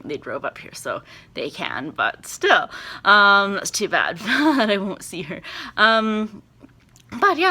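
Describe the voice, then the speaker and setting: A young woman, vlogging in a casual, rambling chat that is full of fillers and easily excited. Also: lowish voice. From Canada. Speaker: vlogger and performance teacher.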